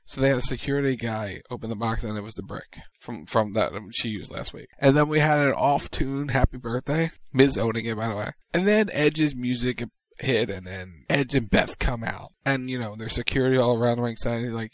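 A man's voice: medium pitch, normal speed, few pauses, no room sound. A man co-hosting a casual wrestling podcast, recapping the show with enthusiastic storytelling. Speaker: podcast co-host.

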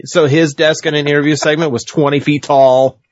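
A man's voice: a little high, flat delivery, a little fast, no echo. A man in casual chat, leaning heavily on fillers like "like" and restarting his sentences often. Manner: filler-heavy, many restarts. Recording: dull lo-fi sound.

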